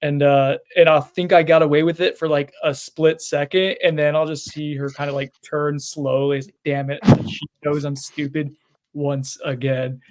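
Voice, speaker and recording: A man with a fairly high voice hosts a casual sports podcast. He jokes at his own expense and keeps things loose and conversational. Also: flat delivery, moderate pace, a little mellow. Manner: self-deprecating, joking. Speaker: podcast host.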